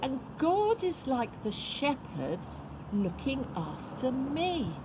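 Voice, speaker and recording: A woman's voice: sits high, very animated, takes it slowly, background noise, voice pushed up, full character voice. A woman voicing David, a small, eager young shepherd boy in a children's story. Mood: wondering.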